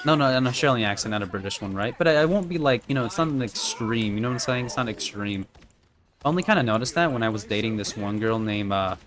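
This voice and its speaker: A man's voice: medium pitch, expressive, fast talker, crowd noise. Rambling, profane young man streaming games. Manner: rambling, profane, full of "right?" and "you know". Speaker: game streamer. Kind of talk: casual chat while gaming on stream. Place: at home.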